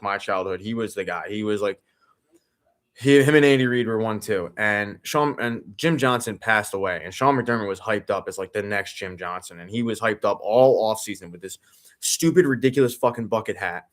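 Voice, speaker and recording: A man's voice: fairly low pitch, fairly bright tone. A young man hosting a live football watch-along, ranting in a profane, sarcastic way and answering chat comments.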